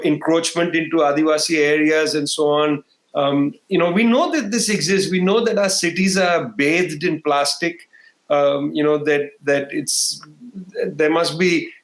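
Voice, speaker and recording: Middle-aged man talking politics, echoey room. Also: a little high. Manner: discursive, many "you know" fillers and restarts. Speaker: interview guest. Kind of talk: political commentary in an interview.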